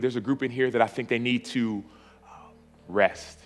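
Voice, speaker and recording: A man's voice: mid-range voice, fairly even intonation, moderate pace, faint music behind. Pleading preacher man, repeating himself. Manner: repetitive, pleading cadence. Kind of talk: altar call sermon. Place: church auditorium.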